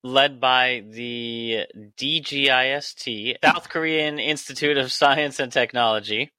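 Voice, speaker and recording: A podcast host explaining science news in a calm, deadpan way with dry humor. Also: male voice, medium pitch, slow, no echo. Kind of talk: casual chat.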